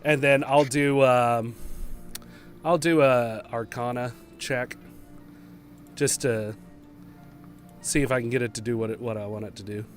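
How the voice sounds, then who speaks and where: A man's voice: medium pitch, fairly even intonation, measured pace, pauses often, faint music behind. A man playing in a tabletop game, laid-back and chuckling as he talks. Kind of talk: casual tabletop game play.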